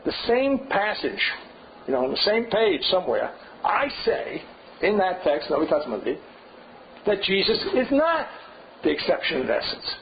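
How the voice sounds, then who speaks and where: An older man gives a loose, digressive seminar talk, pondering aloud and prodding listeners with "right?" and "you see?". His voice sits a bit higher than most men's. The recording is dull and lo-fi, with a faint hiss underneath. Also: huge pitch swings, normal speed. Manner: digressive, thinking aloud, frequent rhetorical "right?". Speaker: seminar lecturer. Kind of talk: informal seminar lecture.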